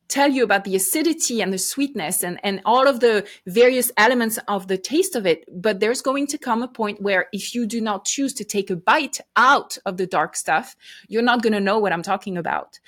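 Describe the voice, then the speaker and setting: A woman's voice: medium pitch, a bit bright. Earnest reflective woman guest. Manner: reflective, earnest, with frequent restarts. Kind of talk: faith interview conversation.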